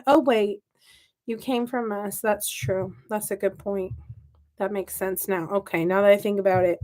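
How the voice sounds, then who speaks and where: A woman's voice: mid-range voice, normal speed. A woman from the Midwest putting on a Southern accent, chatting and joking to her viewers and talking to her seedlings as she works. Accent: put-on Southern US. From American Midwest. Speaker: gardening channel host. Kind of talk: casual live-stream chat while working.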